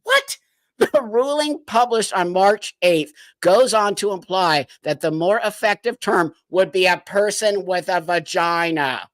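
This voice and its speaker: A man's voice: high voice, a little slow, few pauses, fairly bright tone, dry recording, studio quality. A man hosting a live stream, giving emphatic, indignant commentary with many rhetorical questions. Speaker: livestream host.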